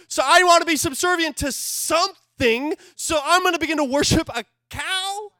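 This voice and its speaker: A male pastor preaching a sermon in an animated, conversational way, swinging from loud outbursts to hushed asides. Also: very high voice, moderate pace, hardly any pauses, no echo, clean studio sound.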